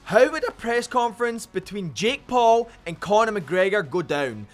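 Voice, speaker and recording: A man's voice: high-pitched, expressive, moderate pace, soft background music. A man reading out short prompting questions on a casual sports podcast.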